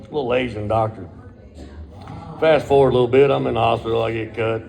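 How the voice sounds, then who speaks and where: A man's voice: medium pitch, fairly even intonation, brisk, creaky, dull audio. A middle-aged man, telling a crude, profane personal story in a laid-back way.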